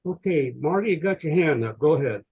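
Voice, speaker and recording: A man moderates a video call, briskly calling on people and inviting comments. His voice is somewhat husky and sits a bit high. He keeps the session moving. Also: lively intonation, muffled recording.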